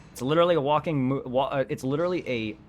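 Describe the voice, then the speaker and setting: A young man streaming a game, chatting casually in a rambling, excitable way and swearing a lot. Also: mid-range voice, very fast, a little hiss or hum. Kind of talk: casual gameplay commentary.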